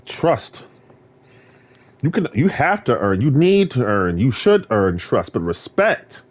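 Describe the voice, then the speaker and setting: Animated ranting male streamer. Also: medium pitch, slow. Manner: swings between ranting and muttering. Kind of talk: rambling stream chat.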